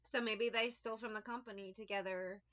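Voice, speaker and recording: A woman's voice: mid-range voice, fairly even intonation, brisk, a bit bright, lo-fi sound. A woman giving a casual tarot reading, rambling, sarcastic and liberal with swearing. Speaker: tarot reader.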